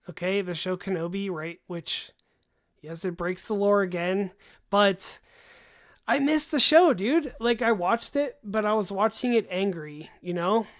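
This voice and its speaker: Young male livestream host, rambling, animated, sighs often, voice wearing thin. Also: high-pitched, smooth. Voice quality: voice tiring, gives out after long talk. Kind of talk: casual livestream chat.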